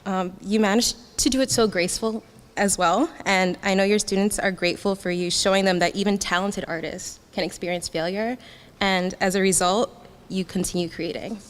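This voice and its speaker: A woman's voice: mid-range voice, steady tone, moderate pace. Young woman doing a grad speech, kinda emotional, laughs a lot, big echoey hall. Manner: heartfelt, laughs often, gets emotional. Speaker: graduating student speaker. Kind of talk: graduation speech. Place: graduation ceremony hall. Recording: long hall reverb.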